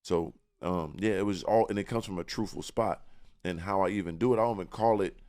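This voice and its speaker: A man's voice: low voice, a little fast, darkish tone. A man in a casual podcast interview, talking about himself with confidence and often repeating words as he searches for the next one. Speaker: guest.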